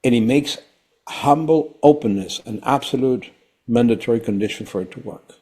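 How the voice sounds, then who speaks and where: A man, a company founder, explaining ideas on a conversational podcast in an emphatic way that turns louder when he gets excited. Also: mid-range voice, moderate pace, breathy edge.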